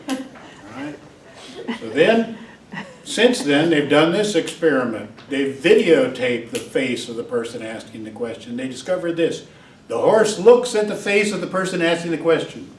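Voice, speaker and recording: A man's voice: a little high, fairly bright tone. A man giving a university psychology lecture, digressive and joking, acting out examples with barks and little voices. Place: lecture hall. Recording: echoey lecture hall from a distance, faint noise.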